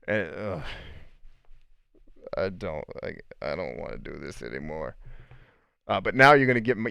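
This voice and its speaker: A man hosting a casual livestream, chatting with viewers in an animated, joking way and swearing freely. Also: fairly low pitch, smooth, dry recording, studio quality. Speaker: podcast host answering live chat.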